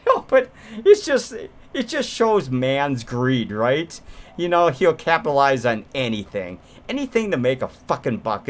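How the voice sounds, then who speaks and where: Brief: man, casual cursing film reviewer, lively pitch, laughs a lot. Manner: profane, laughing, rambling. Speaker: movie reviewer. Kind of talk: casual movie review commentary.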